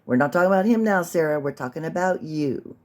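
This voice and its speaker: A woman's voice: low-pitched, animated, quick pace, a little mellow. A woman hosting a casual commentary, talking in a sarcastic, judgmental way. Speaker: commentary host.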